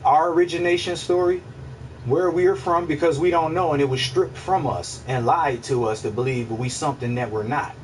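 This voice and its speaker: A man hosting a casual livestream, musing out loud in a rambling, profane way, repeating himself and answering his chat. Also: on the high side, normal speed, distant mic, slight background noise, low-quality recording. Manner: rambling, profane, repeats himself, asks listeners if they follow. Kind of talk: casual philosophical monologue.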